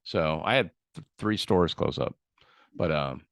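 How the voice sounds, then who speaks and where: Lively low-voiced male podcast host. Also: measured pace, no room sound, studio quality. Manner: joking, rambling questions with repeated restarts. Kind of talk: casual interview chat.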